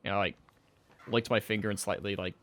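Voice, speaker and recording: Low-voiced, chatty young man cohosting a podcast. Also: steady tone, a bit bright. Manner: chatty, rambling, with quick acted-out asides. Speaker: podcast co-host. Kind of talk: casual chat.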